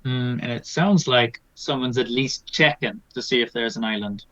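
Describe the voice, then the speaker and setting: A man's voice: medium pitch, normal speed, a bit bright. A man playing a tabletop game in character, reasoning aloud in a thoughtful way. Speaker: player. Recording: dull, dry lo-fi audio.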